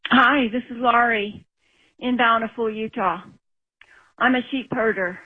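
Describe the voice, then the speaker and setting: Unhurried female caller, husky phone voice. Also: fairly high pitch, steady tone. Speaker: caller, sheep herder. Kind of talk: phoned-in storytelling. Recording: phone line.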